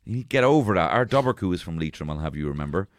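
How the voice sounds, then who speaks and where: Lively, rambling Irish man, swearing freely. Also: low-pitched, racing, no room sound, clean studio sound. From Ireland. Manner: rambling, swears freely, jumps into shouted character voices. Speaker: podcast co-host. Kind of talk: casual comedic chat.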